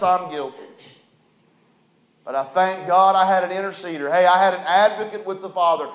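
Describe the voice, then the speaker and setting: A man preaching a folksy storytelling sermon, animated and building to emphatic preaching. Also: high voice, moderate pace, pauses often. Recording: echoey room.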